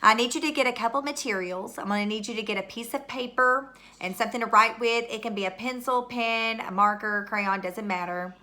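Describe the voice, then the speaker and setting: A woman teacher talks to young children through a recorded video lesson, her voice bright and clear. She paces herself patiently, posing questions and then confirming the answers as if the class had replied. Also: a little high, fairly quick, few pauses. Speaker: third grade teacher.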